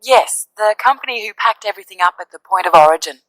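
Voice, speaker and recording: A woman playing a businesslike clerk in a scripted exam dialogue, asking brisk, efficient questions. Her voice is mid-pitched and recorded close and dry. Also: expressive, fairly bright tone, dry recording, lightly acted, poor audio. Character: businesslike adult woman clerk filling in a form. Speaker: clerk taking details. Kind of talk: scripted listening-test dialogue.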